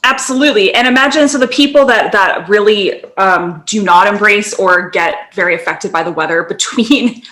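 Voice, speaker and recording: A woman's voice: mid-range voice, moderate pace, few pauses, a bit bright. A young woman co-hosting a casual podcast chat, rambling, breaking off mid-thought and laughing often. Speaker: podcast co-host.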